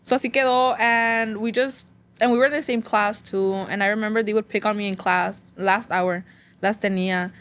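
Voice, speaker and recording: A young woman chatting as a podcast guest, telling lively stories and switching between English and Spanish. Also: mid-range voice, moderate pace. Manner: storytelling, mixing English and Spanish, acting out others. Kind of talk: casual interview chat.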